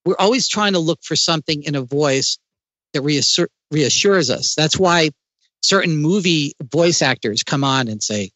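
A man speaking as an interview guest, explaining ideas in a lively way with frequent restarts. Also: on the high side, normal speed, no echo, lo-fi sound. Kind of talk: conversational interview.

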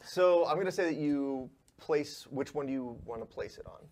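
A man's voice: a little high, darkish tone. Man running a tabletop game. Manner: brisk, asks players for rolls. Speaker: game master.

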